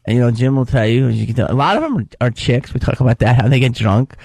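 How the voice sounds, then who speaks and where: Male comic guest, gravelly, lowish voice, lively storyteller, dry studio. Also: fast, no echo. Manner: storytelling, acts out hecklers in shouts. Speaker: comedian guest. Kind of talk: casual talk radio interview.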